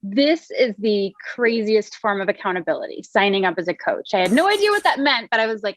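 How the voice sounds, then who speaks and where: A woman's voice: mid-range voice, lively intonation, a little fast, hardly any pauses, lo-fi sound. A woman in her thirties, a wellness coach, chatting in an interview, laughing often and using lots of fillers. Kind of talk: casual interview chat.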